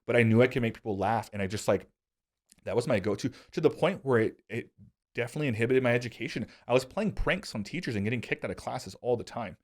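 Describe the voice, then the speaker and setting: A man in his thirties hosting a podcast, telling casual stories with self-deprecating humor. He gets animated, and his voice jumps high when he quotes himself. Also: fast. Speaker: podcast host. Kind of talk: casual conversational storytelling.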